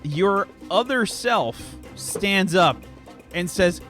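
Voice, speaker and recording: Man game master, high lively voice, unhurried, narrating a tabletop game. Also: faint music behind. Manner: laughing, rambling narration with fillers.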